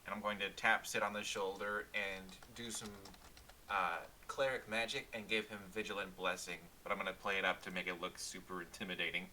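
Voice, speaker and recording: A man with a very bright, sharp-edged voice plays a tabletop game. He calmly describes his character's spells, with faint keyboard typing behind him. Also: sits low, brisk, slight background noise. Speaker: player. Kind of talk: tabletop game play, casual.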